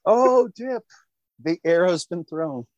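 A man's voice: sits high, expressive, slow pace, a little mellow, dry recording, dull audio. A man co-hosting a casual podcast, cutting in with dry, teasing quips. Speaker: podcast co-host. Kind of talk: casual chat.

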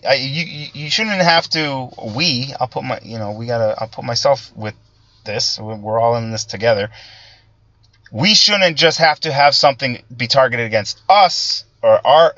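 A man in a casual political monologue, full of restarts and fillers as he thinks aloud. His voice sits at an ordinary pitch and sounds dull and lo-fi, with a dry, close sound and no room around it. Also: a bit bright, no echo. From Italian-American background. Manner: halting, many restarts and fillers, conversational. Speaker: political commentary host.

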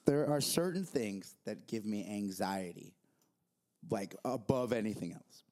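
A man, a worship leader and youth director co-hosting a church podcast, telling stories in an animated, self-mocking way. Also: on the low side, a little slow. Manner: animated storyteller, jokey, laughs at himself. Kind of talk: casual church podcast chat.

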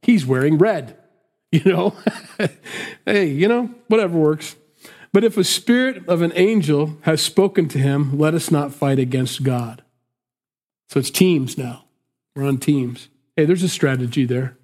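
A man's voice: on the high side, measured pace, long pauses, a little mellow. A man preaching a conversational sermon, explaining a scripture passage and acting out the people in it. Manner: conversational, acts out quotes. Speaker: pastor. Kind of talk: expository sermon.

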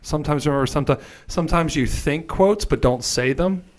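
A man's voice: on the high side, brisk. A man co-hosts a casual movie podcast, chatting freely and laughing often. His voice sits a bit above the usual male range. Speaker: podcast co-host.

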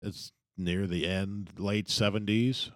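A man's voice: low-pitched, steady tone, slow, fairly bright tone, dry recording, studio quality. A man in casual chat, matter-of-fact and full of trivia.

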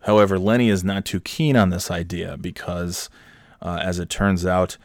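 A man telling a comic story recap in a rambling, hesitant, deadpan way. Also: low voice, moderate pace, no echo, clean studio sound.

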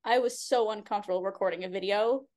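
A woman business coach speaking as a podcast guest in a relaxed, candid way, with many casual fillers. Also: medium pitch, fast. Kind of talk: casual chat.

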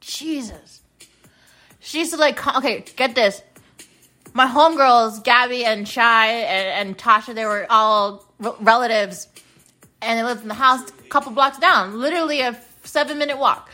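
A woman's voice: fairly high pitch, moderate pace, sharp tone, faint music behind, low-quality recording. A woman in her late twenties hosting a podcast, telling a personal story in a blunt, profane, heated rant. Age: late 20s. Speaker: podcast host.

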